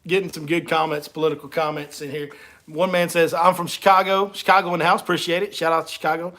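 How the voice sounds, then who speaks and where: Man, fishing guide host, casual teasing livestream chat, slightly high voice. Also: flat delivery, fast, bright, forceful tone. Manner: joking, teasing and laughing between lines.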